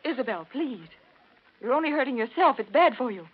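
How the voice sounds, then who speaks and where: A gentle woman doctor and mother pleads softly in a fairly high voice. The 1940s radio recording sounds dull. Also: animated, brisk, breathy edge. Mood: pleading. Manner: soft, pleading.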